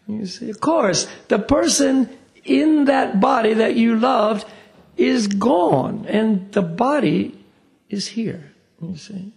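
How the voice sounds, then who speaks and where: A man's voice: sits high, gravelly, a little mellow. A man teaching a spiritual class in a conversational way. He keeps saying "you see" and acts out little dialogues. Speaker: meditation teacher. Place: meditation class room.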